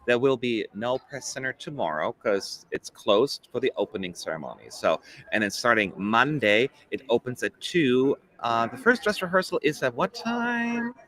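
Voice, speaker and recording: A man's voice: mid-range voice, lively intonation, pushed and bright. Chatty man hosting a live stream. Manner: chatty, quick asides and jokes. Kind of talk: casual chat.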